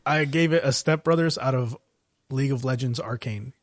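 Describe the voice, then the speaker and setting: A man's voice: medium pitch, moderate pace, no echo, clean studio sound. A man co-hosting a podcast in casual chat, rowdy and full of swearing and riffs. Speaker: podcast co-host.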